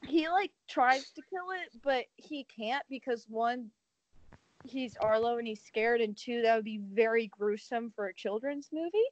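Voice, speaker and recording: A woman's voice: a little high, measured pace, muffled recording, slight background noise. A woman co-hosting a podcast, recapping a film plot in a rambling, sarcastic way. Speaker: podcast co-host. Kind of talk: casual podcast chat.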